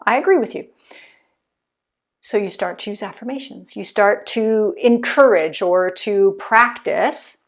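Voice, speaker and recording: A woman hosting a motivational podcast, talking earnestly and directly to her listeners in a coaching tone. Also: on the high side. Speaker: podcast host.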